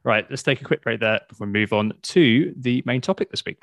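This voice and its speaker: A man's voice: mid-range voice, expressive, fairly quick. A man hosting a podcast, chatty, jokey and emphatic. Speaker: podcast host. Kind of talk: casual podcast chat.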